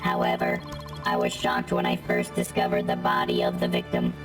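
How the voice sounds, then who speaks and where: A synthetic text-to-speech voice playing a terse male bomb specialist in clipped, monotone statements. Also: a bass voice, normal speed, over loud music, rough recording. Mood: flat.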